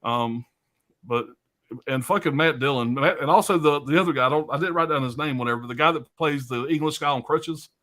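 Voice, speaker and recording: A man's voice: a little high, a little fast, bright, forceful tone. A man hosting a live stream, chatting casually about films in a loose, profane, rambling way full of fillers.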